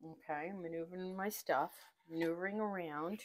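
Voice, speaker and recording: A woman's voice: on the low side, a little fast. Chatty woman hosting a home cooking vlog. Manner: chatty, enthusiastic, gives kitchen tips. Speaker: cooking channel host. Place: home kitchen.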